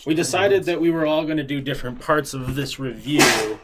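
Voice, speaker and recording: A man's voice: a little high, fairly quick, fairly bright tone. Man hosting a casual podcast. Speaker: podcast host. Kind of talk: casual chat.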